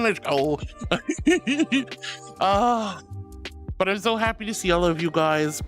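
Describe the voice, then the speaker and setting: Woman streamer, casual chat, bubbly and giggly, very animated pitch, soft music underneath. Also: takes it slowly. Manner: bubbly, giggly and emotional, greeting chatters warmly.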